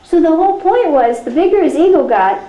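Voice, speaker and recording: A woman teacher telling a story and giving practical instructions in a chatty, animated way during a teacher training class. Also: extremely high pitch, a little fast. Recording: echoey room with faint noise.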